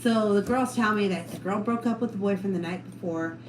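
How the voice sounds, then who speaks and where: In a roomy, noisy room, a woman chats casually on a podcast, telling stories, performing the voices of the people in them and swearing without restraint. Her voice is mid-range and a little fast.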